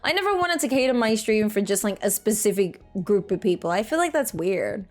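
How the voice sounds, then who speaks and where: A woman's voice: medium pitch, very animated, fairly quick, soft background music. A woman, chatting casually with her chat while gaming, reading messages aloud and laughing often. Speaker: streamer.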